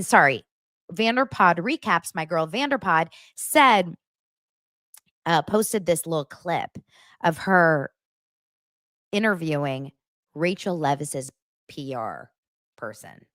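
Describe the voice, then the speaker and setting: A woman's voice: on the low side, fairly bright tone, dry recording, clean studio sound. Gushing chatty woman host. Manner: chatty and gushing, full of fillers and asides. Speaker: host of a pop-culture livestream show. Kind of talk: casual chat to a live audience.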